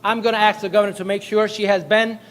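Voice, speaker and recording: A man's voice: flat delivery, quick pace, fairly bright tone. A man, a state representative, giving a jokey, effusive speech at a press event. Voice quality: high-pitched, booming, jokey and effusive. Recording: long hall reverb.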